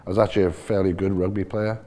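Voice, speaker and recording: A man in his sixties with a blended Irish and Liverpool accent speaks in a low, mellow voice. He tells stories in a relaxed, rambling way and laughs easily. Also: very fast. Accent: Irish and Liverpool mix. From Ireland and England. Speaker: team owner, interview guest. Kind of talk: casual storytelling interview.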